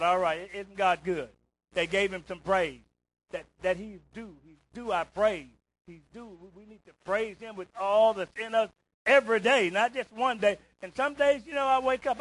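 Preacher guy, high voice, dry close sound, keeps asking the church isn't that right, gets loud. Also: dry recording, poor audio. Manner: rises to shouts on emphasis, repeats "isn't that right?". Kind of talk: call-and-response sermon.

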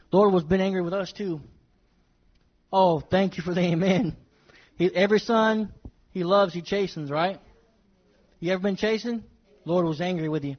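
At a church service, a man with a high voice delivers a sermon emphatically, repeating his phrases and addressing the congregation directly. The sound is lo-fi and muffled, its highs rolled off.

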